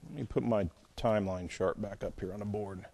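A man teaching a Bible lesson at a board, relaxed and conversational, with joking asides. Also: lowish voice, a little fast. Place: room with a board.

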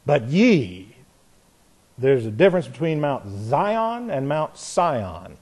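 A man preaching a verse-by-verse Bible sermon, animated, acting out the voices in the stories and chuckling at his own points. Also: mid-range voice, slow, breathy edge.

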